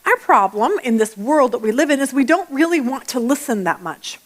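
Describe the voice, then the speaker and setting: A woman teaching a Bible study lesson in a chatty, animated way, telling personal stories and often restarting her sentences. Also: sits high, a little fast. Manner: acts out everyday voices mid-talk.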